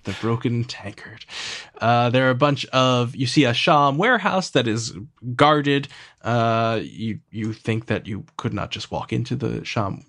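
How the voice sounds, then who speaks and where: A man's voice: medium pitch, animated, a little slow, fairly bright tone. A man narrating as game master in a tabletop game, hesitant with many fillers.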